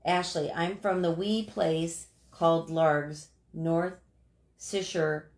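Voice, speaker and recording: A middle-aged woman hosts a casual home live stream. She chats and laughs easily as she greets viewers by name. Her voice sits a bit low, and the room around her echoes. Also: takes it slowly, darkish tone. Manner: chatty, laughs often, reads out viewer names.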